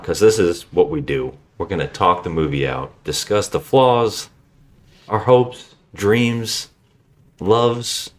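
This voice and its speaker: A man hosting a podcast, chatting casually with profane, joking banter. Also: low-pitched. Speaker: podcast host.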